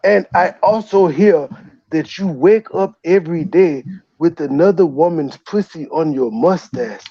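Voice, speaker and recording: A man's voice: fairly high pitch, a little slow, warm tone, husky, dry recording. A man putting on a stern African-accented voice to lecture and scold someone. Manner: lecturing, preachy. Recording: dull lo-fi stream audio.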